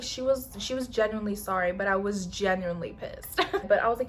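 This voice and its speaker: A young woman chatting casually while doing her makeup, telling a long story in an animated, slangy way, swearing often and acting out other people's lines. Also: mid-range voice, brisk, few pauses. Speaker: beauty vlogger. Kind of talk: get-ready-with-me storytime.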